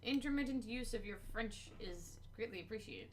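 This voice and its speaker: A woman's voice: on the high side, lively intonation, moderate pace, very noisy. A young woman co-hosting a casual stream, teasing and joking. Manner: teasing, jokey. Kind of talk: casual chat.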